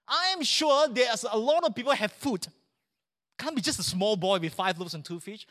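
A man preaching a sermon in church, animated and joking with the congregation. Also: very high voice. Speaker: pastor.

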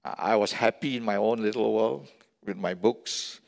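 With a fairly low, creaky voice and a moderate pace, a pastor delivers an emphatic sermon, leaning on repeated key phrases for emphasis. The long reverb of a large church hall surrounds him.

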